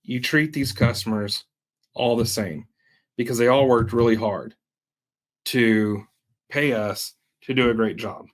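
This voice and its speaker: A man being interviewed as a guest, speaking haltingly and often pausing with fillers. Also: mid-range voice. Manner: hesitant, many fillers and restarts. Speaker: guest entrepreneur. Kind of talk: conversational interview.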